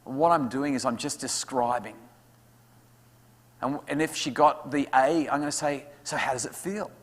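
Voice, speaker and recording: A man speaking to parents at an evening talk, lively and acting out what his kids say. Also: medium pitch, normal speed. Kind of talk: talk to an audience with questions. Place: school hall. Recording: hall reverb.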